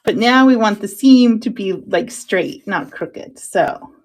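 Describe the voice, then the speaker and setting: A woman hosting a crafting show, chatting to herself as she works, self-mocking and quick to laugh, sometimes dropping into soft whispers while she concentrates. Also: mid-range voice, animated. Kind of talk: casual crafting chat.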